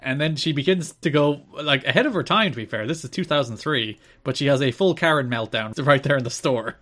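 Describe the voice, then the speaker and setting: A man's voice: medium pitch, animated, a little fast, fairly bright tone. Man dryly recapping for a podcast. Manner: recaps events in long wry run-on retellings. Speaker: podcast co-host. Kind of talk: casual chat.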